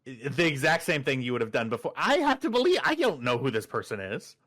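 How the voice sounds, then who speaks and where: A man's voice: mid-range voice, brisk. A man chatting casually before a tabletop game, telling a story and acting out what other people said. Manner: animated storyteller, acts out other people's lines. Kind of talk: casual pre-game banter.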